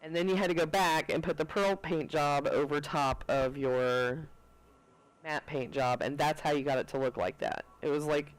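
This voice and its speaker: A man's voice: on the high side, fairly even intonation, normal speed, dry recording, rough recording. A man co-hosting a podcast, chatting casually and telling laid-back stories full of swearing. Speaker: podcast co-host. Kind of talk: casual chat.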